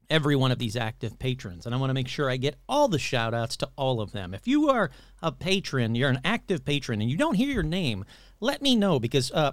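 Upbeat, lively-voiced podcast host man. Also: on the high side, dry recording. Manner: upbeat and playful, reeling off listener names. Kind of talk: casual solo podcast chat.

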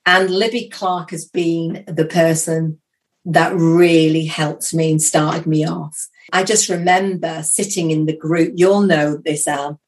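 A woman's voice: low-pitched, slow. Chatty woman guest telling a story. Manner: chatty and animated, acting out quoted speech. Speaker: podcast guest, psychic medium. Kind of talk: casual storytelling.

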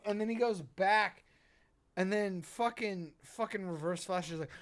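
A man co-hosting a casual podcast chat, emphatic and excitable, swearing freely and bumping the desk mic. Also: high voice, a little slow. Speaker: podcast co-host. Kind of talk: casual pop-culture chat. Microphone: desk mic, bumped while he hits the desk.

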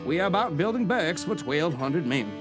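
A man voicing a crude Civil War soldier's letter home, read slowly in a hammy, mock-formal put-on Southern accent. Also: on the high side, big pitch swings, music in the background.

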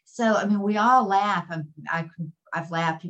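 A woman's voice: mid-range voice, unhurried, a bit bright, poor audio. Explanatory woman guest expert. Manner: explanatory, repeats key points. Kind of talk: interview explanation.

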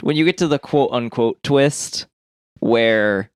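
A man's voice: mid-range voice, slow pace, clear, resonant tone, no echo, clean studio sound. A man hosting a podcast, chatting casually with profane, emphatic opinions. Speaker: podcast host. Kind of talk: casual chat.

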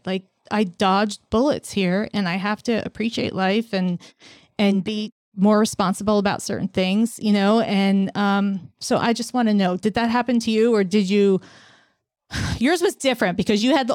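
This woman in her forties hosts a podcast, her slightly high voice sounding clean and studio-recorded with no echo. She's an animated storyteller who voices the quotes of the people in her casual anecdotes.

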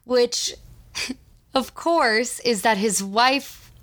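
A woman co-hosting a podcast, recapping a film in casual chat, animated and laughing often, slipping into quoted voices. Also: fairly high pitch, extremely slow. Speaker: podcast co-host.

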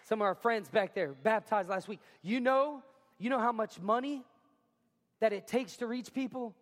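A male pastor with a high voice preaching to his congregation in a school cafeteria. He talks with energy and stresses key lines, often saying them twice. The sound carries a long reverb, as in a large hall. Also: moderate pace. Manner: energetic, emphatic, repeats lines for effect. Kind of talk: sermon. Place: school cafeteria or gym used as a church.

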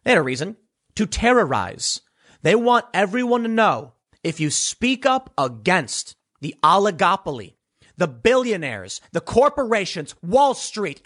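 Animated, husky-voiced sarcastic male commentator. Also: high-pitched, a little slow. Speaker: political commentator. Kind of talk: opinion monologue.

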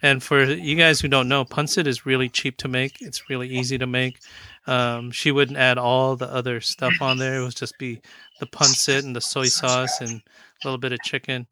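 A man chatting casually on a podcast about his mom's cooking, relaxed and using plenty of "dude" and "um". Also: mid-range voice, moderate pace, background noise. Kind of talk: casual storytelling chat.

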